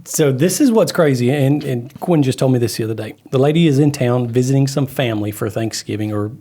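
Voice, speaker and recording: Husky-voiced co-host adding story details. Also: male voice, mid-range voice, brisk, warm tone. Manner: chiming in with details. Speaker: podcast co-host. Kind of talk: casual storytelling.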